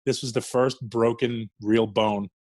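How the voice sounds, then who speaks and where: A man's voice: medium pitch, fairly even intonation, measured pace, darkish tone, no echo. A middle-aged man from New York telling profane, laughing wrestling stories in a casual interview. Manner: profane, laughing, rambling anecdotes. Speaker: wrestler guest.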